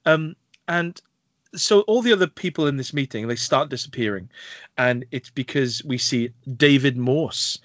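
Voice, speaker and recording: A man's voice: mid-range voice, moderate pace, fairly bright tone, no room sound. A man co-hosting a podcast, reviewing a film in a rambling, casual way with many fillers and bursts of laughter. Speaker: podcast co-host.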